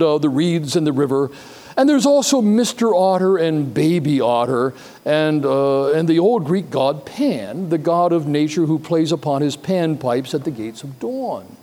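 A man preaching a sermon, telling stories and reading a passage aloud with dramatic pauses. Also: on the high side, dark tone. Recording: long reverb of a large hall.

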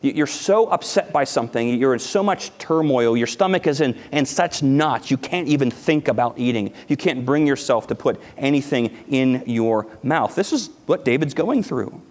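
A man preaching a sermon as pastor, earnest and emphatic, repeating phrases and dropping his voice very low at key points. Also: lively intonation, normal speed, hardly any pauses, darkish tone. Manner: earnest, emphatic preaching with repetitions and dramatic drops to near-whisper. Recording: hall reverb.

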